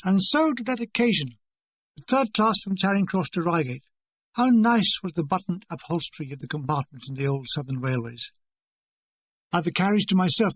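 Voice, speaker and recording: A man's voice: fairly high pitch, fairly bright tone, no echo. An older English man reading his own war memoir in a dry, wry, conversational way. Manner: dry, wry and conversational, acting out remembered dialogue.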